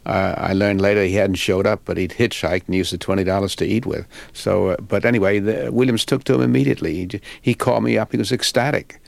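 An older man, a film director, answering interview questions in an unhurried, halting, reflective way. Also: fairly low pitch, steady tone, creaky, no echo. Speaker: film and stage director, guest.

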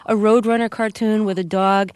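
An interviewer asking questions casually, with halting starts. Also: medium pitch, flat delivery, clean tone, dry recording.

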